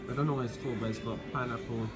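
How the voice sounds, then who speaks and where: A playful man jokes with viewers in a casual vlog, talking from inside a car. Loud music runs behind his voice. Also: medium pitch, steady tone, racing. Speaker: vlogger. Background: music playing.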